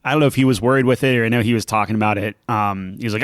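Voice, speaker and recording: Speaking very fast with a lowish, fairly even voice, this young podcast co-host rambles through casual chat, restarting often and filling gaps with fillers. The recording is clean studio audio with no room sound.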